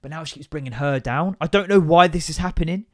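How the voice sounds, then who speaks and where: A man's voice: a little high, quick pace, no room sound, clean studio sound. A man, hosting a comedy podcast and ranting in an exasperated, sweary way. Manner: sweary, exasperated, animated with put-on voices. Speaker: podcast host. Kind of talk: comic rant.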